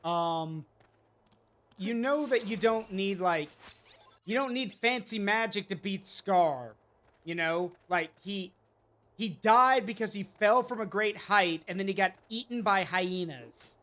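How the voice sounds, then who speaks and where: Streamer, rambling chatty game commentary, opinionated, mid pitch. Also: takes it slowly, a bit bright. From United States. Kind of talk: casual gameplay commentary.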